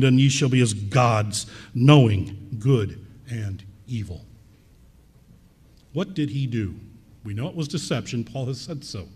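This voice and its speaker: A man preaching a sermon in a church, reading scripture aloud and repeating key words for emphasis, with a slightly husky voice. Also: mid-range voice, mellow, long reverb tail.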